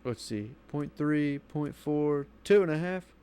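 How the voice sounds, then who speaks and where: A man's voice: on the high side, takes it slowly, mellow, clean tone. A man giving casual, rambling commentary as he plays a video game, talking to himself. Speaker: gaming streamer.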